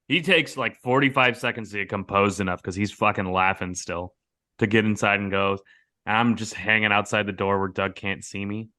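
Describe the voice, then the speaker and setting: A man with an American accent tells a story in a lively, casual way, acting out what each person said. His voice is low-ish but bright and forceful. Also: moderate pace. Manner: animated storyteller, acts out quotes loudly.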